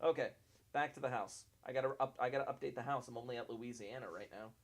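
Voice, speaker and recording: A man talks his way through election results on a casual live stream. His voice sits at an ordinary middle pitch, and his delivery is chatty and self-deprecating. He often trips over and restarts his sentences while he looks things up. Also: quick pace, dry recording. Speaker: host of live election coverage.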